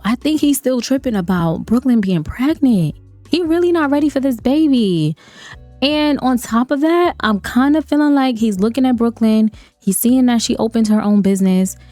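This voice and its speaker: A young woman hosting a casual gaming video, chatty and animated, laughing often and talking to her viewers. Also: mid-range voice, dry recording. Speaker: gaming channel host. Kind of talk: casual game commentary.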